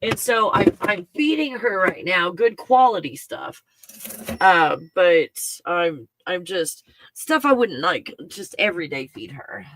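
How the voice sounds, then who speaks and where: A woman's voice: fairly low pitch, sing-song, unhurried, a bit bright, a little hiss or hum. A woman hosting a livestream, chatting casually and laughing as she rambles about her puppy. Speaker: livestream host. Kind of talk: casual chat.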